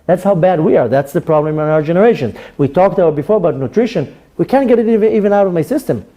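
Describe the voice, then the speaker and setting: Animated rabbi with an Israeli accent. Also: male voice, sits high, fast. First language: Hebrew. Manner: animated, acts out quoted voices of people. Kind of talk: Torah class sermon.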